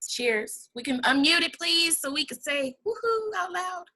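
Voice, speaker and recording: A woman's voice: extremely high pitch, lively intonation, a little slow, bright, forceful tone, rough recording. A woman hosting a virtual fundraiser over a video call, talking in a casual, heartfelt way and calling the audience y'all. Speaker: event host for a housing nonprofit.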